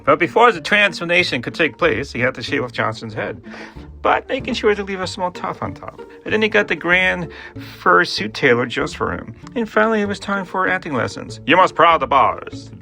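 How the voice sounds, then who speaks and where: A man's voice: high-pitched, fairly quick, vocal fry, soft background music. A man telling a humorous historical story, with playful asides and jokes about his own mistakes. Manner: jokey asides, playful and animated.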